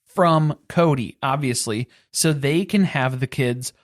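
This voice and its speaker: A woman's voice: very deep voice, slow pace, dry recording. Dry-witted woman podcast co-host. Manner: dry, sarcastic humor. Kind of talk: casual recap chat.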